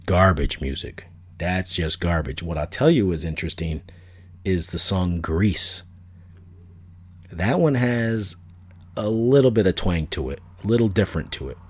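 Deep-voiced man, blunt podcast rant. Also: lively intonation, measured pace, slightly rough. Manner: blunt, opinionated, rambling with repeats. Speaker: podcast host. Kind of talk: casual solo podcast commentary.

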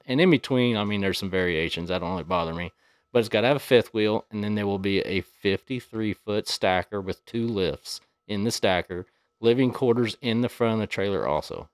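A man's voice: fairly low pitch, brisk, dry recording. A man on a podcast as a guest, telling casual stories and cussing freely. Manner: laid-back, cusses freely. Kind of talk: casual storytelling.

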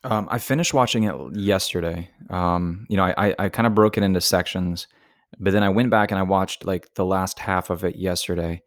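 Man, very deep voice, dry close sound, earnest rambling podcast talk. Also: steady tone, fairly quick, no echo. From Southern Alabama, US. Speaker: podcast co-host. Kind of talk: casual podcast chat.

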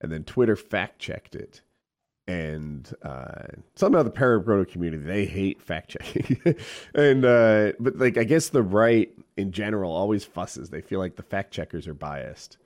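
A man's voice: low voice, expressive, normal speed. A man co-hosting a casual podcast chat, rambling a little and searching for words. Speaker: podcast co-host.

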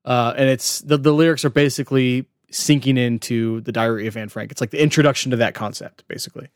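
A man talks through a record in a relaxed podcast chat, leaning on "like" as he thinks aloud. His voice sits at an ordinary middle pitch. The sound is close and dry, with no room in it. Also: fast talker, clean tone, dry recording. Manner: chatty, lots of "like" fillers. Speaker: podcast co-host. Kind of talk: casual chat about an album.

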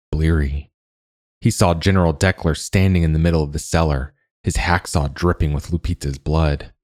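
Man reading a dark fantasy audiobook, super deep voice, dry close sound, slow and steady. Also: no echo. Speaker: audiobook narrator. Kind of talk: dark fantasy storybook narration.

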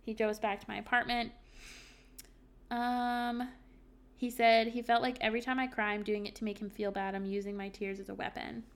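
Chatty young woman, fairly high voice. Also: level tone, moderate pace. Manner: chatty, frequent ums and likes, candid. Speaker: podcast host. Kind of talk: solo podcast, reading journal entries.

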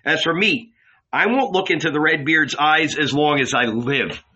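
A man's voice: fairly high pitch, moderate pace, bright, forceful tone, breathy edge, muffled recording, pitched above the performer's own voice. A man voicing a blunt, sarcastic male disciple. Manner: snappish, sarcastic.

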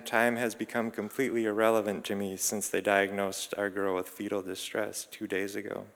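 A man reading a reflective first-person story in a calm, measured, introspective way. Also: fairly low pitch. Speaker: narrator. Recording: long reverb.

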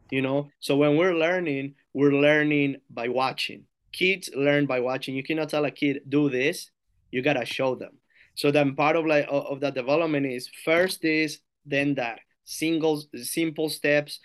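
Coach guy with a colombian accent, smooth clear voice, keeps restarting and repeating himself. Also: medium pitch. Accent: Colombian Spanish. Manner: earnest, many restarts and repeated words, acts out his own coaching cues. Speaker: strength coach, podcast guest. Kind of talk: casual podcast interview.

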